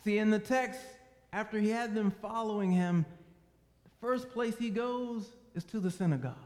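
A man's voice: sits high, long reverb tail. A male pastor preaching a sermon, emphatic and drawing out key words for weight.

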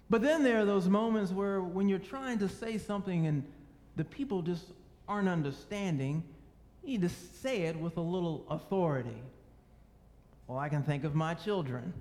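A man's voice: high-pitched, darkish tone, big-room sound. A male pastor preaching a sermon, emphatic and drawing out key words for weight.

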